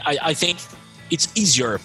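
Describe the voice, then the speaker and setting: Brazilian man, Brazilian accent, bright tone, chatty and animated, faint music behind. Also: a little high, normal speed. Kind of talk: casual conversation.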